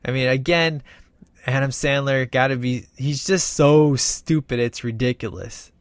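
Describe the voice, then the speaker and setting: A man's voice: mid-range voice, a little slow, dry recording. A man casually reviewing a film in a rambling, enthusiastic way, with many fillers. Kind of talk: casual movie review monologue.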